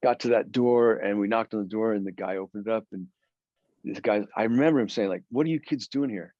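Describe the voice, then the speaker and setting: A man's voice: lowish voice, fairly quick, no room sound. Casual rambling guy from philly telling stories, dry muffled audio. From Philadelphia area, USA. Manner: rambling, animated storyteller with many restarts. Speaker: guest guitarist. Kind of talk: storytelling interview chat.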